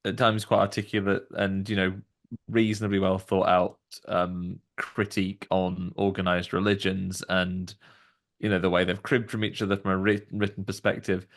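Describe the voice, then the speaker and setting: Wry, low-voiced man recapping a film. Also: flat delivery, moderate pace. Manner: wry, recapping plot with dry jokes. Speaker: podcast co-host. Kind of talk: casual film discussion.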